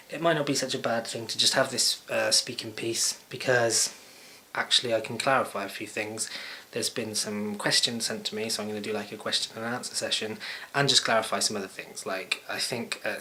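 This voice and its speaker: A man's voice: fairly low pitch, bright, forceful tone, a little hiss or hum, poor audio. A man hosting his own show, chatting unscripted straight into a camera mic in a rambling, jokey, self-deprecating way. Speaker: vlogger host. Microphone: camera microphone.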